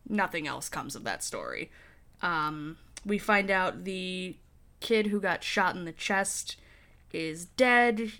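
A woman co-hosting a podcast, recapping a TV episode in a lively, wry tone. She acts out what the characters say as she goes. Her voice sits on the lower side for a woman. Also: slow. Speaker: podcast co-host. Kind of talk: casual episode recap chat.

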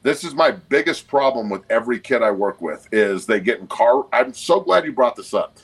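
A man's voice: mid-range voice, expressive, normal speed, a bit bright, slightly rough, poor audio. A man in his forties, a guest on a podcast, talking bluntly and emphatically with a lot of swearing. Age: 40s. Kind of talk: casual podcast conversation.

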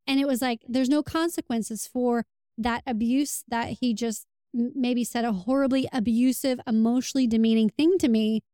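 Smooth-voiced woman giving earnest advice. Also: fairly high pitch, steady tone, normal speed, dark tone, dry recording, studio quality. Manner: earnest, acts out quoted lines. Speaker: relationship advice vlogger. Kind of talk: casual advice monologue.

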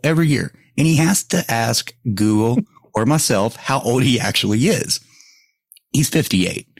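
A man's voice: medium pitch, creaky, husky, no room sound, studio quality. A male podcast host in casual chat, swearing freely, laughing often and rambling through stories.

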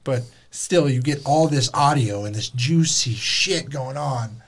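A man hosting a podcast, telling stories in casual chat, animated and swearing freely as he acts out the people in them. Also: medium pitch, measured pace, slight background noise. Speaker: podcast host.

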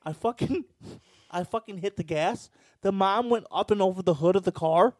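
A man's voice: high-pitched, normal speed, a little hiss or hum. A man casually telling a wild, crude story on a podcast, swearing freely. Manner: crude, profane, animated storyteller.

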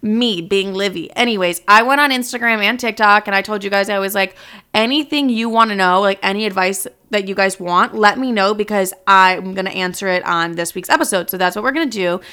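A woman's voice: mid-range voice, a little fast, pushed and bright, clean tone. A young woman in her twenties hosting her podcast from home, chatting casually and joking with lots of swearing. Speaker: podcast host. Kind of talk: casual chat.

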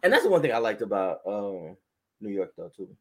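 Young man, casual storyteller; animated, laughing, acts out both sides of a call. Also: lowish voice, a little fast. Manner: animated, laughs a lot, acts out phone calls. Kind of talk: casual chat.

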